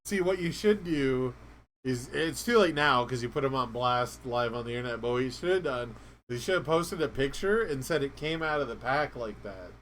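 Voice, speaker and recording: Male co-host, relaxed and slangy, mid pitch, slight background noise. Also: normal speed. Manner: laid-back, slangy, laughs easily. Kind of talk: casual chat about a card game.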